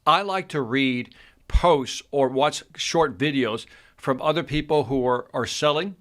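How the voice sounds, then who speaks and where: Co-host: eager mid-pitched man, reads out stats, repeats himself when excited. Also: measured pace. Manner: enthusiastic, repeats his words, reads out statistics. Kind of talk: casual chat.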